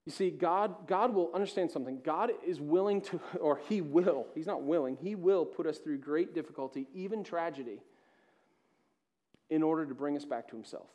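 A man with a notably high-pitched voice preaches a sermon as a pastor. He presses hard on key points, then drops to a hushed, low-volume delivery. His style is impassioned and earnest from the pulpit. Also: normal speed, dull audio. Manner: impassioned preaching, swinging between loud emphasis and hushed tones.

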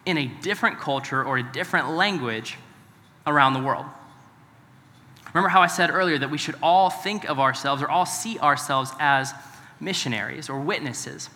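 A pastor with a slightly high, pushed and bright voice preaches a sermon in an echoing hall. He keeps things conversational, asking the congregation questions, with long hall reverb audible.

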